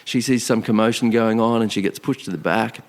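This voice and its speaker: A man with a very low voice tells a story in an easy, conversational way. He acts out the inner thoughts of the people in it, rising in pitch as the tension builds. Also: a little fast. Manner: animated, acts out quoted thoughts. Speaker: podcast guest. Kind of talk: casual spoken storytelling. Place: outdoor location.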